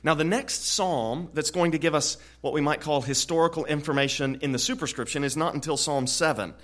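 A man preaching an expository sermon in an earnest way, often repeating words and growing louder on key points. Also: a little high, a little fast. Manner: earnest, frequent word repetitions, swells louder on key points.

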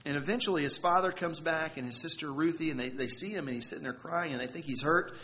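Earnest preacher man with a higher voice. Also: bright, forceful tone. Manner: earnest, halting with repeated words and dramatic pauses. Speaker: pastor. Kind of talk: sermon storytelling.

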